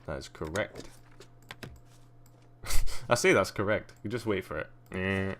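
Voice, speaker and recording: Deep-voiced Scottish man with a posh tinge. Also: takes it slowly, a bit bright, a little hiss or hum. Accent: Scottish with a slight posh English tinge. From Scotland. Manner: chatty, dry, self-mocking. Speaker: streamer. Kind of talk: casual livestream commentary.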